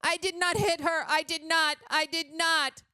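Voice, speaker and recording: A woman's voice: very high-pitched, steady tone, unhurried, bright, forceful tone, no room sound, studio quality, pitched above the performer's own voice, heavily acted. A woman mimicking a stiff, melodramatic wounded man. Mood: protesting. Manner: overwrought yet stiff delivery.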